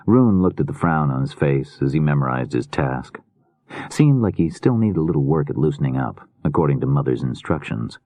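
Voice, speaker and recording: A man reading a mystery novel aloud in a measured, steady narration. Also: extremely low pitch, no echo. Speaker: audiobook narrator. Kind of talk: scripted narration.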